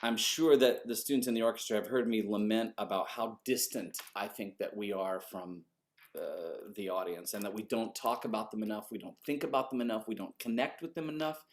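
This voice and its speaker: A man, an orchestra conductor, telling a story in an animated, conversational way and swearing casually. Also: fairly low pitch, a little fast.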